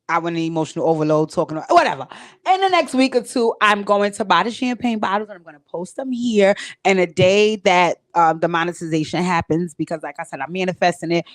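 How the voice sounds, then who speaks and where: Woman host, casual live stream from home, direct and emotional with viewers. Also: mid-range voice. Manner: emotional, talks to viewers directly, tearful at times. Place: home recording space.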